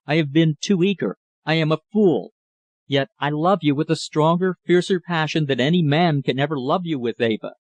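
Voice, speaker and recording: A man's voice: a little high, normal speed, dry recording, lightly acted. A man reading an ardent young lover. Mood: pleading. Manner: impassioned, pleading.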